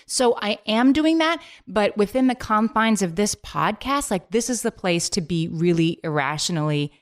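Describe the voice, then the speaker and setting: A woman co-hosting a podcast in casual chat, talking quickly and emphatically with lots of "like". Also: sits low, smooth. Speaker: podcast co-host.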